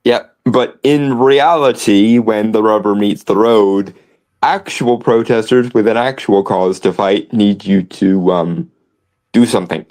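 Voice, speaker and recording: A man's voice: fairly low pitch, steady tone, a little slow, darkish tone, low-quality recording. A man co-hosting a podcast in casual commentary, sardonic and wordy, often restarting phrases. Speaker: podcast co-host.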